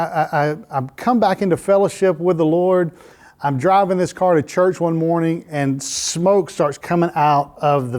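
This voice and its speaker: A pastor preaching a sermon in a church, telling a story in an animated way and laughing at himself. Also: male voice, on the high side. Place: church sanctuary.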